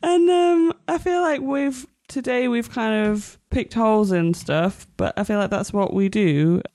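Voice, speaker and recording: A woman's voice: on the high side, measured pace, a little mellow, dry recording. Hesitant woman podcaster, dry sound. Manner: hesitant, many ums. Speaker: podcast co-host. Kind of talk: casual chat.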